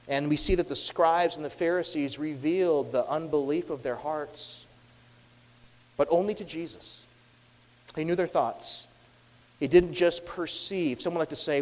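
A man delivering a sermon from the pulpit, earnest and probing as he poses questions to the congregation. His voice sits a little high for a man and falls soft and low whenever he quotes. A long reverb trails behind every phrase, as in a large hall. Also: normal speed. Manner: earnest, questioning, drops softly for quoted words. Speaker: pastor.

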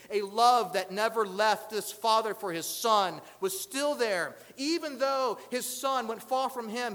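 A man preaching a sermon as pastor, asking rhetorical questions and swinging between loud emphasis and hushed lines. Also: high voice, long reverb tail.

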